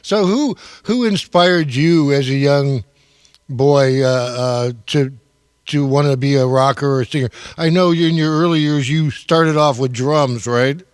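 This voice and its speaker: A man's voice: mid-range voice, unhurried, clean tone, no room sound, studio quality. A man hosting a rock radio podcast interview, an eager listener who prompts his guest with short questions.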